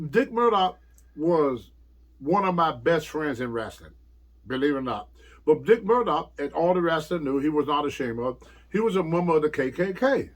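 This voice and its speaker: An older man and former wrestler telling rambling, laughing stories in an interview. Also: fairly high pitch. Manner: rambling storyteller who laughs often and acts out quotes. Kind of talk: casual anecdote telling.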